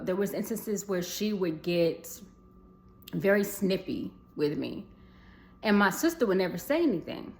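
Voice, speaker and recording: A young adult woman telling a personal story to viewers in a casual storytime vlog, chatty, calling them y'all and swearing freely. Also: medium pitch.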